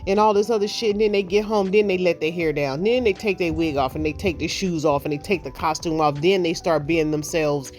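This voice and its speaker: A middle-aged woman holds forth in a blunt, salty, casual monologue. She acts out the people in her stories with loose, animated delivery. Faint music plays underneath her. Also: lowish voice, a little fast, few pauses. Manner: blunt, profane, animated storytelling with mocked voices. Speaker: vlogger.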